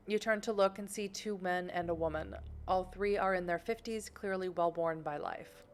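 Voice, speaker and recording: Low-voiced woman streaming a story game. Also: slight background noise. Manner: reads the game text aloud, then breaks off with quick asides. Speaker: streamer reading a visual novel aloud. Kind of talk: casual game stream narration.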